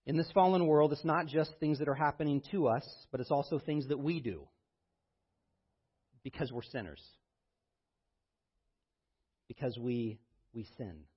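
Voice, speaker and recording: A man preaching a sermon as pastor, reading scripture with rising intensity and then talking in a low, quiet voice. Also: lively intonation, unhurried, long pauses, breathy edge, muffled recording.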